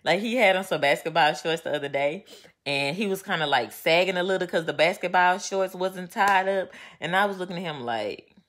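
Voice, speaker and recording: A woman chatting casually to her viewers, venting with animated storytelling and slang. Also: lowish voice, fairly quick. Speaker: vlogger. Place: home, getting ready.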